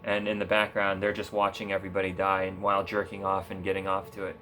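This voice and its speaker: A man's voice: low-pitched, completely flat delivery, quick pace, pushed and bright, slight background noise. A young man ranting sarcastically about politics while playing a video game, swearing and rambling with frequent laughs. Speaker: gaming streamer. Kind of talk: casual political rant while gaming.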